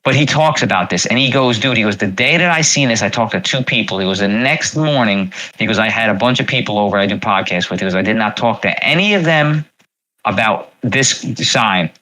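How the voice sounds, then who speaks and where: A man's voice: fairly low pitch, animated, brisk, bright, forceful tone, low-quality recording. A man hosting a casual livestream, rambling with many fillers and repeats. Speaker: livestream host.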